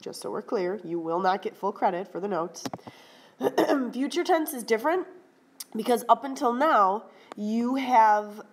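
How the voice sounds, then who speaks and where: A woman teaching Spanish grammar in a brisk, firm lecture, often checking in with "right?" and "okay?". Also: fairly high pitch, expressive, a little hiss or hum, low-quality recording. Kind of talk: classroom lecture over slides.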